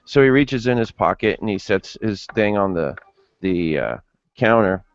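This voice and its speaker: A man's voice: on the low side, lively intonation, moderate pace. A man in casual livestream chat, rambling and profane, telling a crude joke over lo-fi stream audio. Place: home livestream.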